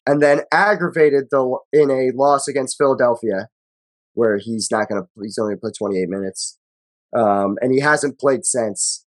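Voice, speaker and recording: Man, podcast co-host, casual sports chat, reads out stats, loose and profane, mid-pitched voice. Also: normal speed.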